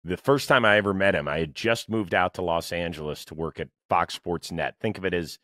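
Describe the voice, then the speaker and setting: A man's voice: low-pitched, brisk, bright, forceful tone, dry recording, clean studio sound. A middle-aged man hosting a podcast, chatting casually and telling stories with animation. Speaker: podcast host. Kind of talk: casual interview chat.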